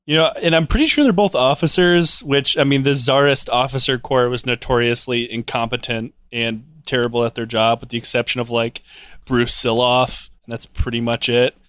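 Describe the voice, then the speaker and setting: Smooth-voiced man, offhand and sardonic. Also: medium pitch, steady tone, normal speed, fairly bright tone, no room sound. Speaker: podcast co-host. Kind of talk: casual chat.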